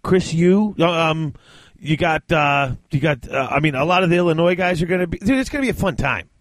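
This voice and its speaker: A man's voice: on the high side, brisk, fairly bright tone, no room sound. A man co-hosting a casual podcast chat, talking animatedly and laughing often, with frequent restarts. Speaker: podcast co-host. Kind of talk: casual chat about tabletop wargaming.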